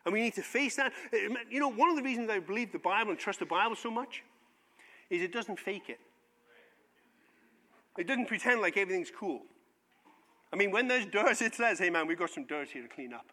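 A man's voice: high voice, moderate pace, pauses often, in a large hall. A man preaching a sermon as pastor, retelling Bible stories in casual modern speech and acting out the characters' lines. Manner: animated storytelling, acts out biblical voices in casual modern speech.

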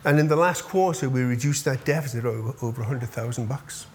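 A man's voice: medium pitch, quick pace, slight background noise. A man in his fifties, a pastor giving a casual update to his congregation, chatty and often checking in with his listeners, easily moved when he thanks them. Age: 50s.

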